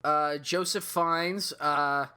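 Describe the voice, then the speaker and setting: A man co-hosting a podcast, talking in a rambling, animated way with frequent laughter. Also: a little high, drawn-out words, smooth. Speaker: podcast co-host. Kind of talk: casual chat.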